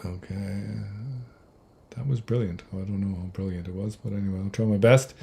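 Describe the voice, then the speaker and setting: Very husky low-voiced man. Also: steady tone, moderate pace, warm tone. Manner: conversational, digressive, with restarts and acted quotes. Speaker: Buddhist teacher answering viewer questions. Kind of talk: livestream Q&A talk.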